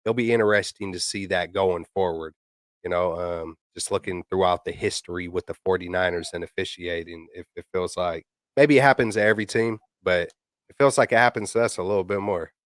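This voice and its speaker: A man's voice: sits low, fairly even intonation, fairly quick, dry recording, studio quality. A man co-hosting a casual sports chat, rambling and slangy, with many fillers and restarts. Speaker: podcast co-host.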